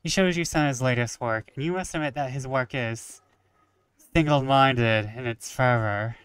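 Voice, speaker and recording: A man's voice: mid-range voice, normal speed, a bit bright, smooth, no room sound. A man reading a story game aloud and adding wry, joking asides. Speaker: gamer.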